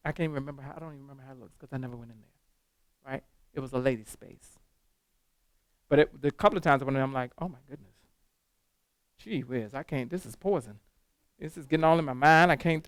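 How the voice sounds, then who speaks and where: Guy teaching teachers, lots of back and forth with the room, smooth clear voice on the high side. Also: dry recording. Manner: animated, talks to the room with call-and-response questions. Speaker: teacher trainer. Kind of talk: lively workshop lecture. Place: classroom.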